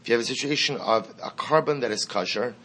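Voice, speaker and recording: A man's voice: mid-range voice, fast talker, a bit bright. A man teaching a Mishnah class, reading passages aloud, translating them and explaining step by step, often repeating the key phrase and asking questions he then answers himself. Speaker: Talmud teacher.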